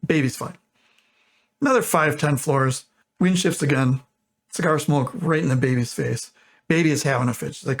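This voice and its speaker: Guy rambling through a long joke, kinda high voice, keeps going off on tangents and fixing himself. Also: normal speed, long pauses. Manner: rambling, digressive, self-correcting. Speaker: channel host. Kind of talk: casual joke telling.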